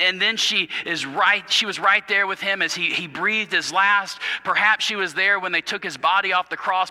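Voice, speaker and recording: Pastor, male, bright ringing voice, tells the story with dramatic hushes and stumbles, recorded in a big echoing sanctuary. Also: on the high side. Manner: stumbles and repeats words. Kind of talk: sermon. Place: church sanctuary. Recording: reverberant church hall.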